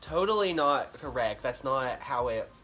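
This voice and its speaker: A man voicing a polite, helpful woman on a company phone line, calm and reassuring, close to his own voice. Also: medium pitch, unhurried, faint music behind.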